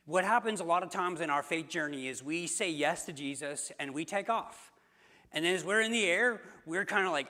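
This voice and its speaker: A man's voice: fairly high pitch, normal speed, pushed and bright. A man preaching a sermon as pastor, telling a story in a conversational way with fillers and restarts. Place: church sanctuary. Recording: long church hall reverb.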